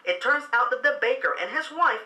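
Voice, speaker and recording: A man's voice: extremely high pitch, lively intonation, a little fast, pushed and bright. Sarcastic male reviewer in an echoey room. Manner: sarcastic, exasperated, mocking. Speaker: film reviewer. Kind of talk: sarcastic comedic film review narration. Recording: echoey room with faint background noise.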